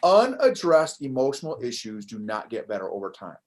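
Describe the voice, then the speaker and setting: An older man talking as a podcast guest in a casual interview, animated and prone to quick restarts, laughing as he tells a story. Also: mid-range voice. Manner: animated, laughs while telling stories, frequent restarts. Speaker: podcast guest, course creator.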